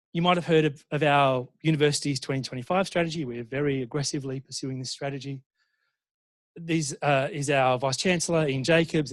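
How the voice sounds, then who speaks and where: An Australian man giving a conference presentation as a university lecturer, animated and checking in with the audience, with frequent fillers and restarts. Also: fairly high pitch.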